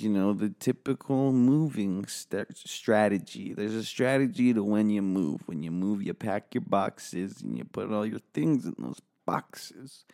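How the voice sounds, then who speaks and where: A man with a fairly low voice and an American accent talks alone into an office microphone. He rambles in a sarcastic, cheerfully profane way, hosting his own podcast as a solo monologue. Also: a little slow, warm tone, clean tone. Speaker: podcast host. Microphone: studio microphone.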